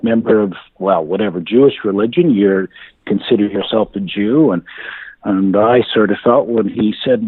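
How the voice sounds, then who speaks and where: A man's voice: fairly low pitch, moderate pace, husky, no echo. Rambling guy calling in, chuckles a lot, thin dry phone line. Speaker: caller.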